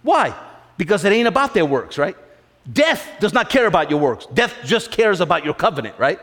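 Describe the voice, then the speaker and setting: A man delivers a sermon in a high, animated voice that rises and falls widely. He hammers home phrases by repeating them and keeps asking his listeners questions. The sound trails off in the long reverb of a church hall. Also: a little fast. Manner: emphatic, repeats phrases, asks the congregation questions. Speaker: preacher.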